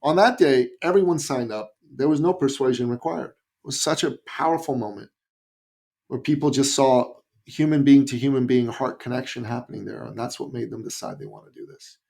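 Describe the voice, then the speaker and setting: A Canadian man, a business coach, telling an anecdote in a podcast interview with lively emphasis. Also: mid-range voice, a little fast, vocal fry. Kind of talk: storytelling in an interview.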